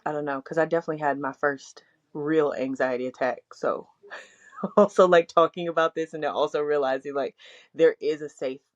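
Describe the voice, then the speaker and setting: A woman's voice: low voice, fairly even intonation, normal speed. A young adult woman co-hosting a podcast, talking candidly in a rambling way, full of "like" and frank swearing. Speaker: podcast co-host. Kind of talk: candid casual chat. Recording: dull lo-fi audio.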